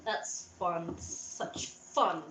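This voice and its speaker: A woman's voice: on the low side, drawn-out words, fairly bright tone, a little hiss or hum. A woman chatting casually in a vlog, rambling and self-deprecating. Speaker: vlogger.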